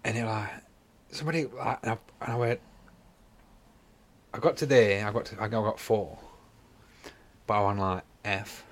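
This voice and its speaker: A man's voice: lowish voice, moderate pace, pauses often. A man co-hosting a casual podcast, telling a long rambling anecdote and bantering with his co-host. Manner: rambling storyteller, animated when joking. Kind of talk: casual chat.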